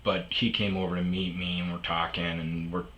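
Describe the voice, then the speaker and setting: A middle-aged man, host of a storytelling show, telling a personal story in a rambling, casual way, with many restarts and fillers. He acts out other people loudly when quoting them, then drops low and quiet. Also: flat delivery, normal speed. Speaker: podcast host.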